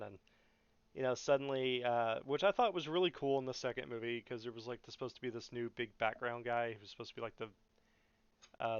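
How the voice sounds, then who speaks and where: A man's voice: medium pitch, smooth, no echo, dull audio. A young man hosting a podcast, ranting in a casual, profane, mocking way and often laughing. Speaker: podcast host.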